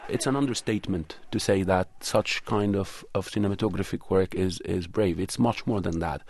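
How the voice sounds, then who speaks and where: A low, darkish voice with vocal fry belongs to a man interviewed about his work as a documentary film producer and cinematographer. He speaks at normal speed, thoughtful and earnest, often reaching for words, over a little hiss or hum.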